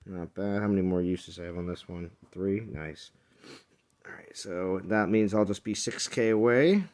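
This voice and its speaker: A man's voice: low voice, normal speed, a little mellow. A man hosting a casual game stream, chatting and teasing his friends on voice chat and talking through his game progress.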